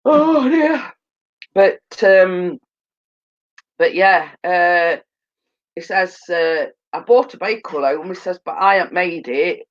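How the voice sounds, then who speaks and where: Tired woman rambling slowly. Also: lowish voice, highs cut off. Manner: rambling, filler-heavy, repeats "as I say". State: tired and yawning, coming down with a cold. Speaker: livestream host. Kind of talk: casual chat. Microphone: phone.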